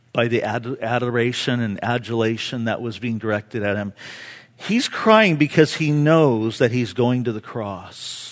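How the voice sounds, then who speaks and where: Guy pastor preaching, storytelling sermon, gets quiet then loud and pleading, middle-pitched voice. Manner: impassioned, swinging from hushed to loud pleading. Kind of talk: sermon with personal stories.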